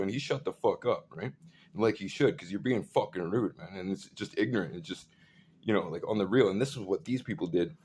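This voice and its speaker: A man's voice: lowish voice, brisk, a little mellow, slight background noise. A man ranting in a rambling monologue, swearing often and filling gaps with "like" and "right". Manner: profane, rambling, full of fillers.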